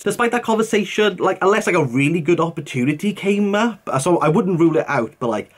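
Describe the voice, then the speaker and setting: A young man with a voice pitched a little higher than most men's, with a husky edge to it. His delivery swoops up and down as he chatters informally, leaning on fillers and British slang as a vlogger answering comments. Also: lively intonation, fast, hardly any pauses. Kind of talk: casual chat to camera.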